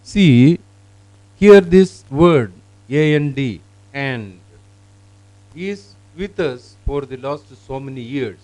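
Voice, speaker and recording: Slow, mellow Indian-accented male presenter. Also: medium pitch, lively intonation, dry recording, poor audio. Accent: Indian English. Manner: explanatory, with fillers and grammar slips. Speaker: company presenter. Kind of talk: product demonstration.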